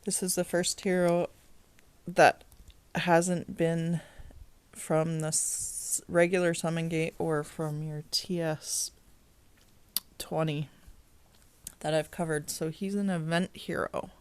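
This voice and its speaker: Casting: relaxed female game guide host, low voice, unhurried and chatty. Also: clean tone. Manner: chatty, laughs easily. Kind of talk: casual game review commentary.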